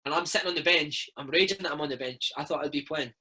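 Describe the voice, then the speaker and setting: A Scottish man in his thirties, a former footballer, telling animated stories in a casual interview and slipping into impressions. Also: fairly high pitch, quick pace, breathy edge, rough recording. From Scotland. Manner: animated storyteller, slips into impressions of his old coach.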